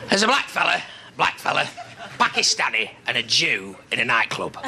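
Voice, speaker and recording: A brash gravelly club comic. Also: male voice, mid-range voice, very animated, normal speed, sharp tone, a little hiss or hum, heavily acted. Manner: brash stand-up delivery. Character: brash gravelly male nightclub comedian.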